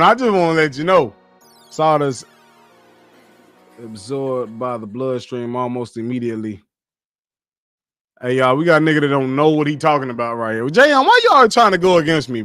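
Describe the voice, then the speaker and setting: A man with a high-pitched voice holds forth on a casual livestream, answering his chat. He lectures bluntly and swears freely. Soft music plays faintly underneath. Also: dry recording. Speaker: streamer reading live chat.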